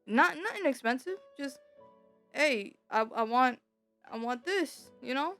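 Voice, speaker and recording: A young woman telling a personal story in a casual, rambling way. She swears freely, repeats herself, and gets louder when she is upset. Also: high voice, animated, measured pace, soft background music. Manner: bitter and emotional, voice rising when upset. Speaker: streamer.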